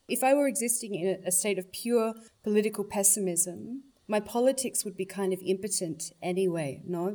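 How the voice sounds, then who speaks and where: A woman's voice: mid-range voice, warm tone. A woman, speaking thoughtfully and earnestly in a personal interview. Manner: thoughtful, earnest, politically articulate.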